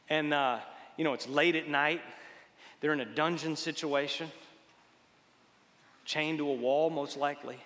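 Fired-up preacher guy, bright forceful voice, long church hall echo. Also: a little high. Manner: impassioned, swings from loud fervor to hushed tones. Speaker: pastor. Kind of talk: sermon.

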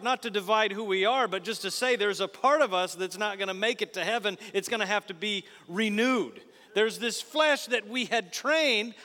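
In a church sanctuary, a pastor preaches a sermon, telling stories with animation and making asides straight to the congregation. His voice is high, and the sound trails off in a long reverb.

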